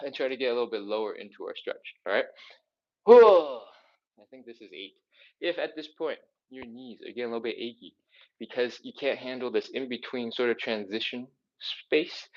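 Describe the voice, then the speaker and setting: Male fitness instructor, mid-pitched, upbeat, counting reps between sighs, slightly breathless, lo-fi stream audio. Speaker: mobility and stretching instructor. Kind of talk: live follow-along workout coaching.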